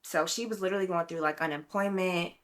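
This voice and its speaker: A young woman with a fairly low voice shares a personal story on a casual podcast. She talks reflectively and from the heart, with many likes and ums. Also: fairly even intonation, fast talker. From Brooklyn, New York. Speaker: podcast co-host. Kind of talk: casual chat.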